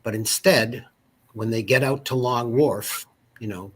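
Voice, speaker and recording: A man's voice: medium pitch, unhurried, breathy edge. A man in his fifties with a Boston accent, a guest telling a rambling, digressive history story in casual conversation. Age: 50s.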